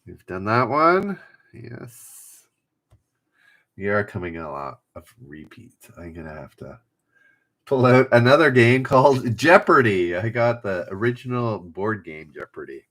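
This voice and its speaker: A man's voice: fairly low pitch, big pitch swings, measured pace, fairly bright tone. A man hosting a casual trivia livestream, reading each clue twice and joking with the chat. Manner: chatty, reads clues twice, jokes with chat.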